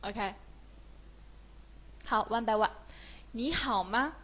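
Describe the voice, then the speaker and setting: Female Mandarin tutor, Chinese accent, higher voice, patient and encouraging, switches between English and Mandarin. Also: slow, a bit bright, poor audio. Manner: mixes English with Mandarin, praises often. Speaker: Mandarin teacher. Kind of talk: slow, encouraging beginner lesson.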